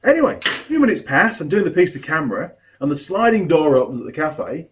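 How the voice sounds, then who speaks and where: Chatty New man, lively storyteller. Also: on the high side, quick pace, few pauses. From New Zealand. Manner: chatty, animated storyteller with a laugh. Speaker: mechanic and video host. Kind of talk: casual chat while building a model kit.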